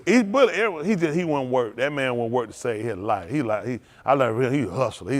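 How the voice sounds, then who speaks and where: A man, a preacher telling loose, animated stories to his congregation, laughing often and repeating himself as he goes. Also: medium pitch, quick pace, hardly any pauses. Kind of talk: loose storytelling sermon.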